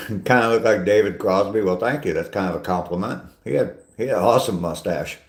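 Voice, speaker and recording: An older man rambles chattily through a casual walking live stream, poking fun at himself as he answers viewers. His voice is on the low side, and it carries an echoey, roomy ring. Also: fairly quick. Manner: rambling, chatty, self-deprecating. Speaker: vlogger reading live chat.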